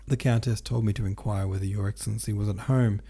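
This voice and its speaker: Casting: man doing a polite, deferential valet, low gravelly voice. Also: fairly even intonation, fast, dark tone. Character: deferential male household valet.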